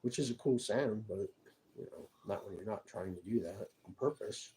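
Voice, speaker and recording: A man in a rambling personal monologue, halting and restarting with repeated words. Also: on the low side, warm tone, slight background noise, rough recording.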